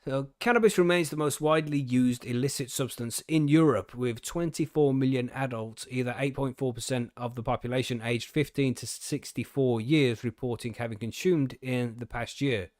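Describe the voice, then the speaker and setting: A man's voice: medium pitch, steady tone, moderate pace, darkish tone, no room sound, clean studio sound. A man co-hosting a podcast, chatting casually, swearing now and then and reading news aloud. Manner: laid-back, swears casually, laughs often. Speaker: podcast co-host.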